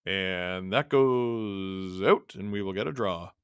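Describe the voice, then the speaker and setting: A man hosting a live stream, casually calling a hockey game and chatting, his voice worn a little deeper from long talking. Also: slow pace, clean tone, no echo, studio quality. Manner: chatty, reacting to the game and chat as it happens. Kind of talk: casual live play-by-play and chat.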